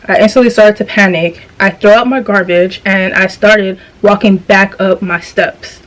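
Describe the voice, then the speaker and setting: A woman's voice: medium pitch, steady tone, moderate pace, few pauses, poor audio. A young woman vlogger telling a dream story in a casual, slangy, profane way, often restarting her sentences.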